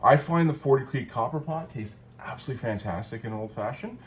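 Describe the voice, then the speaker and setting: A man chats casually while demonstrating a cocktail at home as a cocktail video co-host, rambling, joking, and correcting himself as he goes. His mid-range voice moves quickly with lively intonation.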